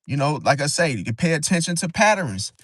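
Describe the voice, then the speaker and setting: A man talks to his livestream audience in a casual but preachy way. He leans on his points and keeps tagging them with "see?". His voice sits a touch high, and it is recorded close and dry with no room sound. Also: very animated, a little fast, a bit bright, no echo. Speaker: astrology livestream host.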